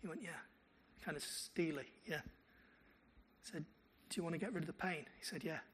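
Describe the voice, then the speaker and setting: A man's voice: fairly high pitch, normal speed, a little hiss or hum. A male pastor, preaching a sermon and telling stories with quoted dialogue. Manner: animated storytelling with quoted dialogue.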